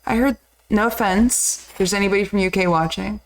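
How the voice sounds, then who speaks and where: A woman's voice: medium pitch, fairly quick. A woman, co-hosting a movie review live stream, bantering in a playful, joking way. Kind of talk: casual chat.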